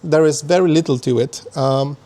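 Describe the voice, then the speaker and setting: A man's voice: fairly high pitch, normal speed, warm tone. Man giving a technical meetup talk. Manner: explanatory, with frequent fillers and restarts. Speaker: conference speaker. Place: meetup venue.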